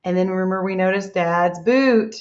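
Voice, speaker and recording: This is a woman teacher guiding young kids through reading, heaping on encouragement and frequent praise. She speaks at a normal speed in a mid-range voice, and the sound is dull with room echo.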